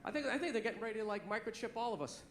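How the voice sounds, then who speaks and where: A man's voice: high voice, lively intonation, rapid-fire. A man in his forties doing a profane, ranting stand-up routine in a comedy club with a live audience. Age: 40s. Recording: echoey venue, loud crowd. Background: audience laughter.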